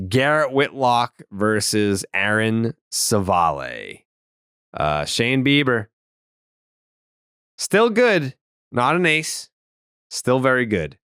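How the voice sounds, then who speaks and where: A man's voice: on the low side, a bit bright, smooth, no room sound, clean studio sound. A man hosting a casual sports podcast, reading ad copy with a joking edge and rattling off baseball stats. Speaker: podcast host.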